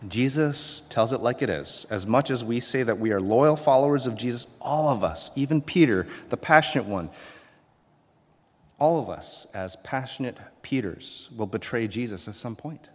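A male pastor preaching a sermon, swinging between hushed and loud passages and acting out voices. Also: medium pitch, animated, normal speed. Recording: dull sound with long hall reverb.

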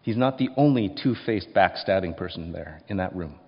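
A male pastor preaching a sermon, swinging between hushed and loud passages and acting out voices. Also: low voice, animated, moderate pace. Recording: dull sound with long hall reverb.

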